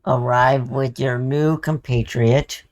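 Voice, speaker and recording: A man runs a tabletop game as its game master. He narrates scenes and prompts the players. He talks slowly and drops in amused asides. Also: mid-range voice, fairly even intonation, a little mellow. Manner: slow, laughing asides.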